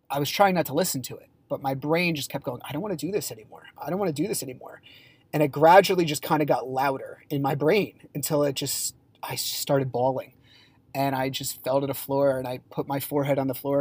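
A man hosting a raw, confessional solo podcast. He speaks haltingly and with emotion, using many fillers and restarts, and is candid and sometimes blunt. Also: on the high side, no room sound. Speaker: podcast host.

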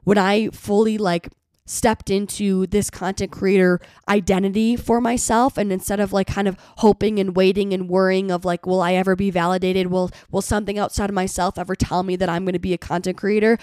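A woman hosting her podcast in casual, chatty talk, her voice a little hoarse from being sick, with lots of "like" fillers. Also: mid-range voice, level tone, brisk, darkish tone, no room sound, studio quality. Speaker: podcast host.

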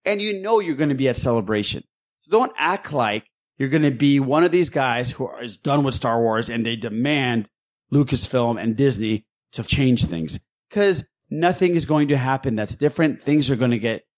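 A man co-hosting a fan podcast, ranting in a heated casual way, swearing and repeating himself for emphasis. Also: mid-range voice. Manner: fired-up, profane, repeats himself. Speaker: podcast co-host.

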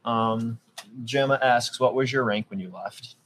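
A man's voice: medium pitch, a little slow, fairly bright tone, slight background noise. A man hosting a casual interview, mostly dropping in short, encouraging comments and questions. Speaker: podcast host.

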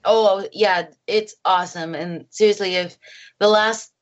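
Woman filmmaker chatting on a call, excited storyteller, kinda dull lo-fi audio. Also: medium pitch, unhurried. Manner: animated, acts out quotes, laughs often. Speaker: filmmaker guest. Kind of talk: casual interview chat. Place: home.

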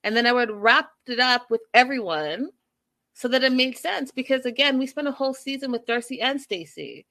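A woman's voice: high voice, fairly quick. Gossipy woman recapping reality TV. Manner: gossipy, animated, acts out quotes. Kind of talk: casual recap commentary.

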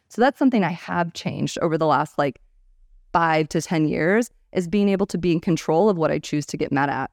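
In studio-quality audio without echo, a low-pitched woman in her thirties speaks a little fast. The startup founder tells stories in a candid interview, lively throughout, and performs the people she quotes.

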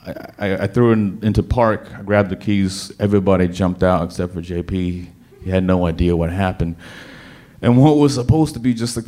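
A man telling a personal story to an audience, animated and dramatic, often repeating words as he restarts. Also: on the low side.

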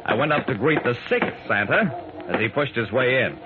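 In the manner of 1940s radio drama, an actor voices a wry private eye recounting his own case with dry, amused first-person narration. His mid-range voice is sing-song and lightly acted, at a moderate pace. Audio is a tinny old broadcast with hiss.

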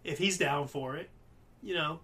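A man's voice: fairly high pitch, moderate pace, sharp tone. A man co-hosting a comedy podcast, laying out trivia and teasing his co-host in casual chat. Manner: explains trivia, teasing and upbeat. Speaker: podcast co-host presenting picks.

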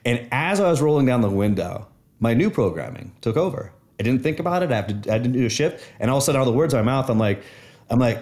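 A man's voice: medium pitch, expressive, racing, darkish tone. A man in casual conversation, sharing personal stories in an earnest, reflective way.

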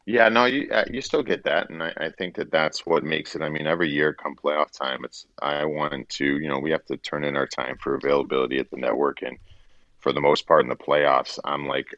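A middle-aged man with a very deep, low voice tells a rambling story and acts out the quotes. The sound is dry and a little muffled. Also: a little fast, dry recording. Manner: rambling, animated anecdote telling with acted-out quotes. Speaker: guest, former hockey player turned broadcaster. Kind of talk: casual storytelling in an interview.

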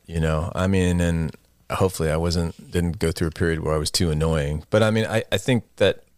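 A man's voice: low-pitched, steady tone, brisk, a little mellow, smooth, no room sound, studio quality. A middle-aged man, a guest musician, telling rambling, self-deprecating stories in a casual interview and laughing often.

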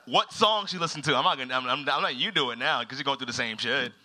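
A man hosting a live comedy show, teasing the audience with loud, profane banter. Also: mid-range voice, fast. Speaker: host. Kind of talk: live comedy crowd work.

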